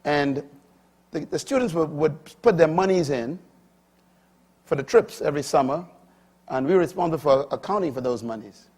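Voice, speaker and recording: Older male preacher, husky, fairly high voice, emphatic sermon delivery with sudden loud high peaks. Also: lively intonation, normal speed, long pauses. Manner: emphatic, swinging from loud high bursts to low quiet asides.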